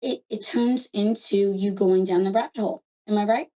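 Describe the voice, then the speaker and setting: Woman, New York accent, psychic call-in host, fast chatty talk, mellow voice, dull lo-fi audio. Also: medium pitch, fairly even intonation. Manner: fast, chatty and affectionate, calls callers love.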